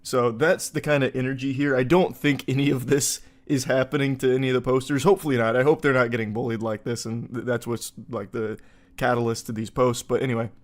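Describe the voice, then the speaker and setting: A young man with a voice of ordinary, middle pitch talks through online posts in a loose, conversational way. He sounds wry and incredulous, poking fun at what he reads. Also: fairly even intonation, fairly quick. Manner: wry, incredulous, mocking asides. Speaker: commentator reading online posts. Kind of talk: casual commentary.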